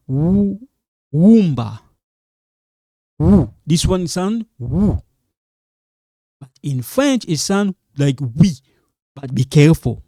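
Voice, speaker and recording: Language tutor, non-native English, slow and patient, mellow dry voice, repeats each sound and keeps saying "okay?". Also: medium pitch, dry recording. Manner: warns students again and again to be careful. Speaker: French language teacher. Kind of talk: slow pronunciation lesson.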